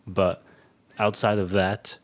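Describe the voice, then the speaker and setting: A man's voice: on the low side, flat delivery, takes it slowly. Opinionated young man co-hosting a film podcast. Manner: opinionated, talks over partner, frequent "in my opinion". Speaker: podcast co-host. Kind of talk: casual film review chat.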